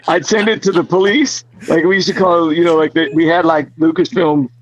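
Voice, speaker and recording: A man being interviewed as an actor guest, telling stories in an animated way, laughing often and full of fillers. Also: fairly high pitch, fairly quick, no room sound, dull audio. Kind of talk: casual interview storytelling.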